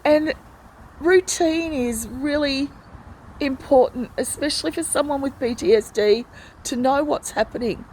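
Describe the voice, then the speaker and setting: A woman's voice: high-pitched, measured pace, a little mellow, a little hiss or hum, low-quality recording. Distressed woman recounting hospital mistreatment. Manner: distressed, pleading retelling of mistreatment. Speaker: hospital patient vlogger. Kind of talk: personal video diary. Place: hospital ward.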